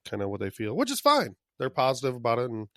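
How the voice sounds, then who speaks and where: A man's voice: medium pitch, huge pitch swings, quick pace, pushed and bright, no room sound. Loose, swearing podcast guy, dry mic. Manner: loose, profane, laughing a lot. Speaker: podcast co-host. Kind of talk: casual chat.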